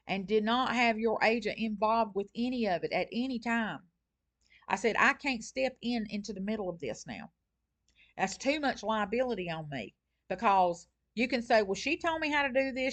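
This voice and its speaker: Chatty Southern woman telling a story. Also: on the high side. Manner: animated storyteller acting out both sides of a phone call. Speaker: real estate agent. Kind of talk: casual vlog storytelling. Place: home with her dogs.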